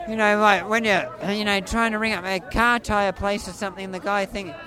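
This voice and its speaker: Australian man in his forties, high-pitched, rambling playful storyteller, faint street crowd. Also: steady tone, moderate pace. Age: 40s. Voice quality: high-pitched for a man, mistaken for a woman on the phone. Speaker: street performer jester. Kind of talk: casual storytelling interview.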